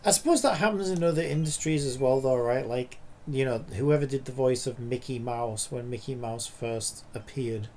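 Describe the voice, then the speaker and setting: A man's voice: medium pitch, normal speed, few pauses, darkish tone, a little hiss or hum. A man streaming a game, chatting casually and rambling with lots of filler words. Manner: rambling, lots of "like" and "you know". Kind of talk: casual commentary while gaming.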